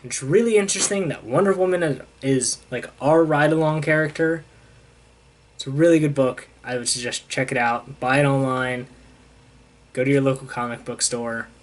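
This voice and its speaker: A young man chats through a comic storyline in a loose, casual way, slipping into quick paraphrases of what each character says. His voice sits at an everyday middle pitch, and he sounds like he is talking at home for his viewers. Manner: casual, retells scenes with "he's like" paraphrases. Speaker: comic book reviewer. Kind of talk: casual recap.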